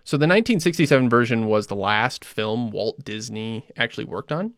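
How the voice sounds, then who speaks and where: A man hosting a casual podcast, explaining film history in a steady run with small restarts. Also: mid-range voice, brisk, no room sound, clean studio sound.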